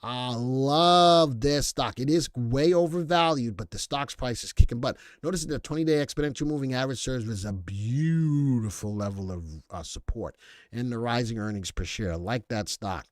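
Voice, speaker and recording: A man with a mid-range voice hosts a live stock analysis stream at a normal pace, playfully reading viewer chat aloud and tossing in jokes between his picks. The recording is dry and studio quality, and the talk is casual market commentary.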